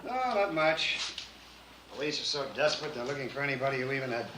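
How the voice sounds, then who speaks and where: A man's voice: mid-range voice, lively intonation, quick pace, natural voice. A man playing a weary, sardonic newspaper reporter, in 1950s film acting. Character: weary, jaded middle-aged newspaper reporter. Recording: old film soundtrack with clear hiss.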